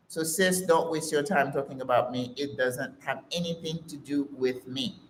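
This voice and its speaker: A woman in her sixties hosts her own channel, speaking to camera in a casual yet emphatic, preachy motivational talk and calling her listeners "sis." Her voice is on the low side, with reverb and a little hiss or hum.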